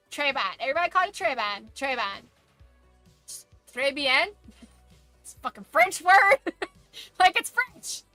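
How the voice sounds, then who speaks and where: A woman's voice: high voice, sharp tone, no echo. A woman streamer chatting casually while gaming, opinionated and ranting, swearing freely.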